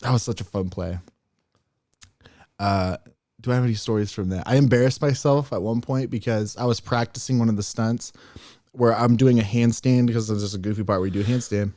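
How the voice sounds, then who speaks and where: A young man co-hosting a podcast, telling stories in a casual, animated way and acting out quoted voices. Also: on the low side, brisk, dry recording, studio quality. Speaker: podcast co-host. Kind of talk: casual chat.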